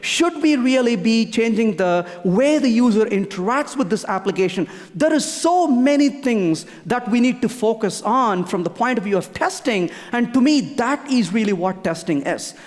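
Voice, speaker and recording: An animated conference speaker whose pitch rises and falls expressively while stressing the same point again and again. The talk goes out through a stage microphone. The sound rings out with the long reverb of a large hall. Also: moderate pace, few pauses. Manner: emphatic, repeats key points, frequent restarts.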